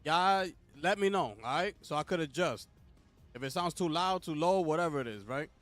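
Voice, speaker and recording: A man's voice: a little high, animated, moderate pace, fairly bright tone. A young man, hosting a casual livestream. He hypes up his chat and calls out to them with repeated slang. Faint music plays behind him. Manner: hyped, talks straight to chat with repeated slang call-outs. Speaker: livestream host. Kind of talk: casual live co-stream chat.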